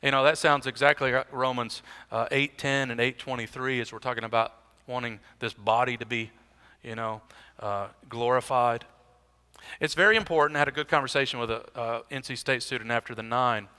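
Bright-voiced preacher in a reverberant hall. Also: male voice, mid-range voice, fairly even intonation, a little fast, clear, resonant tone. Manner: conversational preaching with dry self-deprecating asides. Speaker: pastor. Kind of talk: expository sermon.

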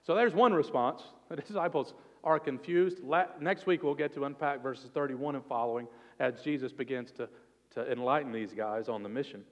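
A man preaching a sermon as pastor, earnest and expressive, sometimes dropping to a soft, intimate tone. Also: medium pitch, normal speed, dull audio. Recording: long reverb of a hall.

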